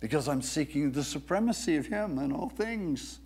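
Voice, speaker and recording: A man preaching a sermon, leading the congregation in reciting lines back to him with deliberate, emphatic phrasing. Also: on the high side, animated, darkish tone, breathy edge. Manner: leads the congregation in call-and-response recitation. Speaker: pastor.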